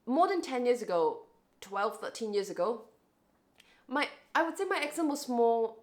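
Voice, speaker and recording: A woman's voice: fairly high pitch, lively intonation, moderate pace. A young woman with an international English accent, shaped by years in Hong Kong, chatting reflectively to camera in a casual vlog, often restarting her sentences. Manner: chatty and reflective, with frequent restarts and rising emphasis. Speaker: vlogger.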